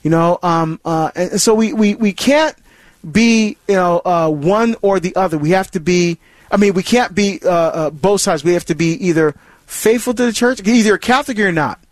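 A man's voice: high-pitched, moderate pace, no room sound. A man hosting a Catholic call-in radio show, talking earnestly about faith with many restarts and repetitions. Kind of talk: call-in radio talk on scripture.

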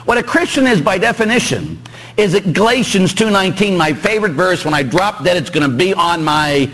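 Lively animated priest preaching. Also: male voice, fairly quick, low-quality recording. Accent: Pittsburgh. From Pittsburgh. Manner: animated, joking with congregation, rising emphatic pitch. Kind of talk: sermon. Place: church.

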